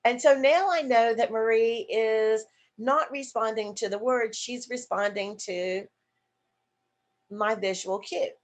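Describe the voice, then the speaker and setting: A woman's voice: a little high, slow pace. A woman nurse educator teaching an online seminar, acting out example questions and answering her own questions as she explains. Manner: demonstrative, acts out example questions to a partner. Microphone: video call.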